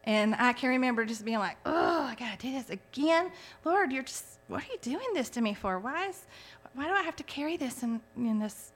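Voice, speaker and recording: A woman's voice: on the high side, lively intonation, fairly quick, faint music behind. A woman in her forties giving a heartfelt personal faith testimony, telling her story earnestly with frequent restarts. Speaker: testimony speaker.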